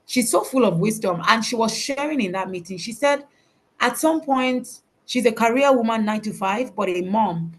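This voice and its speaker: A woman's voice: on the high side, lively intonation, normal speed. Woman, faith-based motivational talk, emphatic, preacherly, video call audio. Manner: emphatic, repeats key words, preacherly. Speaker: motivational speaker.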